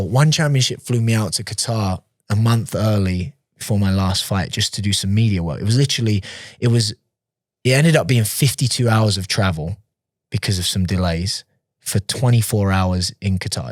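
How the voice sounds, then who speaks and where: A man talking as a podcast guest, telling casual stories, chatty and quick to laugh, often restarting his sentences. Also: lowish voice, no room sound, studio quality. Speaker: podcast guest, professional fighter. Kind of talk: casual storytelling in an interview.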